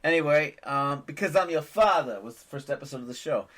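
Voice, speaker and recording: A man's voice: fairly high pitch, expressive, brisk, fairly bright tone. A man in his forties hosting a casual family podcast, a rambling joke-telling dad who pokes fun at himself. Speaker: podcast host and father.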